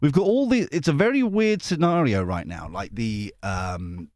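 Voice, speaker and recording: A man's voice: medium pitch, normal speed, darkish tone, no room sound, studio quality. A man hosting a tarot channel, chatting casually to his viewers in a rambling, self-deprecating, jokey way. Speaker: tarot reader and channel host. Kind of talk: casual rambling chat to camera.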